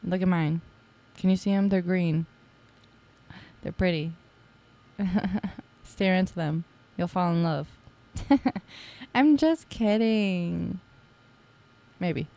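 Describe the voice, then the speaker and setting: A woman's voice: lowish voice, slow pace, long pauses, dark tone. A young adult woman hosting a casual solo podcast, talking in a chatty, playful way with teasing asides and lots of fillers. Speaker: podcast host.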